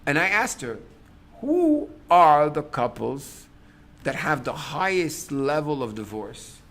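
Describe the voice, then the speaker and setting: A middle-aged man, a rabbi, giving a lecture to a class on relationships. He tells stories in a lively way, acts out what people say, and breaks into sudden loud outbursts. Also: on the high side, slow. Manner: animated storyteller, acts out quotes, sudden loud bursts.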